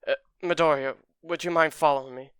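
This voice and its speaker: A man voicing a calm adult male hospital doctor who speaks softly and hesitantly. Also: fairly high pitch, brisk, clean tone, no room sound, clean studio sound, lightly acted. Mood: sombre. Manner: hesitant, soft and apologetic.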